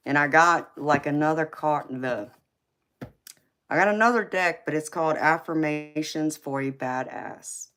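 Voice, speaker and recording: A woman's voice: deep voice, very noisy. A woman with a heavy Southern American accent hosting a casual tarot livestream, sassy and teasing, laughing often and calling viewers honey and baby. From Southern United States. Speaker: tarot reader and livestream host.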